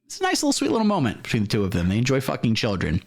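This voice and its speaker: A man hosting a satirical comedy show, commenting on the material in a deadpan, mock-earnest way with feigned naivety. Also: mid-range voice, very fast, gravelly. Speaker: comedy host.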